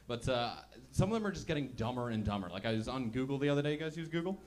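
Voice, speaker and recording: A man doing stand-up on a club stage, talking in an easy, chatty way at a middle pitch. He mocks himself and keeps slipping into little put-on voices. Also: lively intonation, very fast. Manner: chatty, self-mocking, acts out voices. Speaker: stand-up comedian. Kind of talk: stand-up comedy set.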